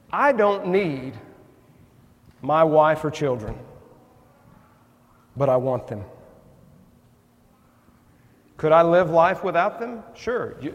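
A man preaching a sermon in a church, earnest and folksy, acting out little conversations with churchgoers. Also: fairly high pitch. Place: church sanctuary. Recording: long reverb in a church hall.

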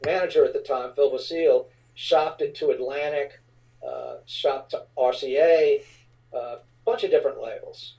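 Laid-back man, mellow and off-mic. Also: mid-range voice, distant mic, rough recording. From New Orleans area. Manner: relaxed, rambling with many fillers. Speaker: rock band frontman, guest. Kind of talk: casual interview storytelling.

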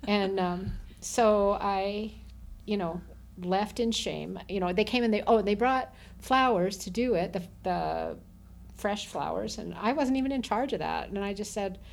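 Woman, middle-aged, gravelly, casual storytelling guest, animated and laughing. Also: mid-range voice, a little slow. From Southern Nevada. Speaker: interview guest.

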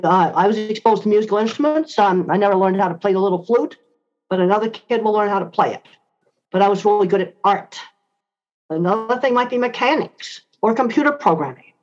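A woman's voice: medium pitch, darkish tone. An older woman answering interview questions in a blunt, emphatic way, repeating key points. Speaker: interview guest. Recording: slightly dull lo-fi sound.

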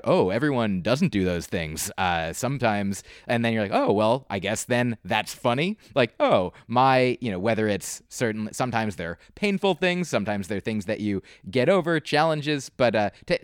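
An American comedian speaks in a smooth, resonant voice, recorded dry and close with no room echo. He wanders through playful, self-aware tangents and disclaimers, thinking aloud as he goes. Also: on the low side. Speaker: comedian guest. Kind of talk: casual interview chat.

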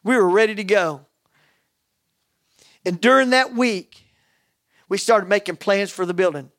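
A man preaching a sermon, telling a personal story with animated quoted dialogue. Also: high voice, unhurried, no echo, clean studio sound. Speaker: pastor.

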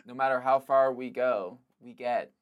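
A man chatting casually as a podcast guest, his voice sitting at an ordinary middle pitch. He rambles and circles back, peppering everything with "like" and "you know." The delivery is loose and unscripted. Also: fairly even intonation, measured pace, smooth, narrow, tinny audio. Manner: rambling, full of "like" and restarts. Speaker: podcast guest, filmmaker and comedic actor. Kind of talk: casual conversation.

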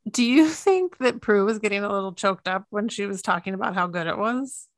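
Woman cohost telling the episode recap, lots of vocal fry, dry close mic. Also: mid-range voice, expressive, brisk, no room sound. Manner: storytelling recap, chatty with frequent "like". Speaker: podcast co-host. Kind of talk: casual chat recapping a baking show.

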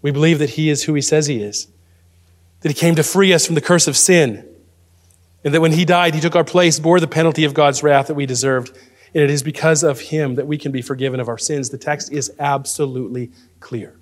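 A man preaching a sermon to his congregation in an earnest manner, then leading a quiet prayer. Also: fairly high pitch. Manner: earnest preaching that sinks to a soft, slow prayer. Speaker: pastor.

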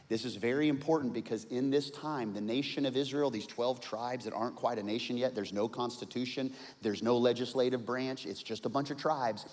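A man preaching a sermon in an animated way, acting out the voices of the people in his story. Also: medium pitch, fairly quick, long reverb tail. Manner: animated, acts out quoted voices. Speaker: pastor.

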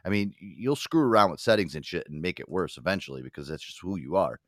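A man's voice: low voice, lively intonation, fast, no echo, clean studio sound. A man hosting a podcast, rambling casually with swearing and frequent laughs. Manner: rambling, profane, laughs easily. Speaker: podcast host. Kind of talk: casual chat.

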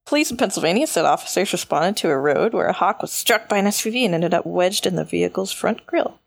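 A woman co-hosting a casual podcast, reading out news stories and reacting with quick laughs. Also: on the low side, animated, vocal fry. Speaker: podcast co-host. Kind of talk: casual chat.

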